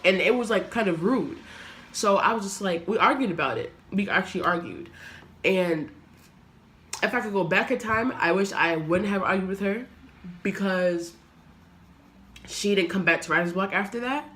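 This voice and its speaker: A young woman talks straight to her camera in a personal vlog. Her delivery is earnest and reflective, with pauses and restarts as she searches for words. Her pitch sits in the middle for a woman. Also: fairly bright tone, a little hiss or hum. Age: young adult. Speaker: vlogger.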